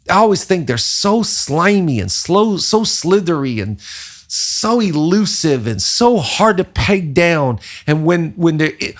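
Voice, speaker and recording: A man hosting a casual leadership podcast, talking in an animated preaching cadence with repeated phrases. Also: a little high. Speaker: podcast host, pastor.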